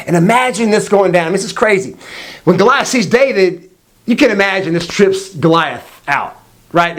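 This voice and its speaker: A man telling a Bible story to young people in a casual, energetic way, acting out the quotes. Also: high voice. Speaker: youth faith video teacher.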